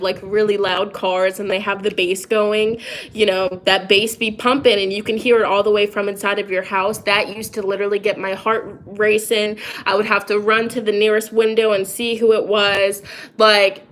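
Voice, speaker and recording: A young woman chats openly to her followers, rambling from one thought to the next with plenty of fillers. Her voice sits a little higher than most. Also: a bit bright. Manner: rambling and candid, with many fillers and laughs. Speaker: psychic and tarot reader vlogging. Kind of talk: casual personal chat to viewers.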